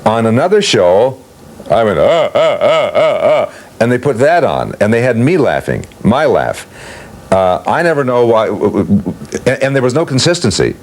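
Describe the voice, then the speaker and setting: An older interviewee with a mid-range, very animated voice speaks at normal speed about his voice-acting career. He takes his time with the anecdotes, performing the quotes as he goes.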